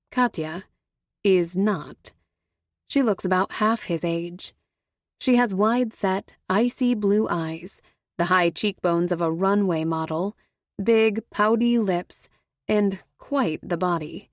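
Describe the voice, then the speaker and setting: A woman narrating a first-person audiobook thriller in a measured, wry way. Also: mid-range voice, no echo, studio quality.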